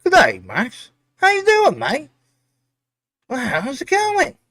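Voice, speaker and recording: A man voicing a jokey mock-Australian man with an attempted, poorly done Australian accent, in an exaggerated, sing-song, drawn-out way. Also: extremely high pitch, huge pitch swings, a bit bright, dry recording, studio quality, voice pushed up, exaggerated voice. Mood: mock Aussie.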